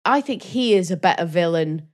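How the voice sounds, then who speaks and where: A woman chatting about a film as a podcast co-host, expressive and laughing as she acts out voices. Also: lowish voice, moderate pace. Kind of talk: casual film chat.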